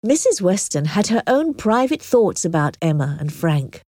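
A woman narrating an audiobook of a simplified classic novel, with clear, expressive storytelling. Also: medium pitch, moderate pace, no room sound, clean studio sound.

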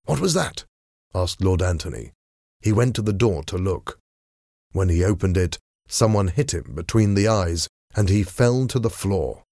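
A man reads a storybook aloud in a measured, deliberate way. His voice is low and gravelly. He reads very slowly. The sound is close and dry. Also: warm tone, no room sound. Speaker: narrator. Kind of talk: storybook reading.

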